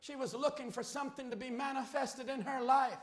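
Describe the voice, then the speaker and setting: A man preaching a fiery sermon as pastor, with rhetorical questions that build into shouts. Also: very high voice, steady tone, brisk. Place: church sanctuary. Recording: echoey church hall.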